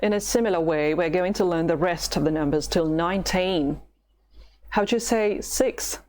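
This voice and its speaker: A woman from Russia with a Russian accent, a patient language teacher who models words slowly for the listener to repeat. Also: lowish voice, a little mellow. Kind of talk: slow language lesson with repetition drills.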